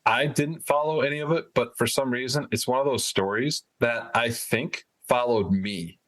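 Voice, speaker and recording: A man's voice: mid-range voice, normal speed, fairly bright tone. A man co-hosting a podcast in casual chat, rambling and hedging as he talks. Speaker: podcast co-host.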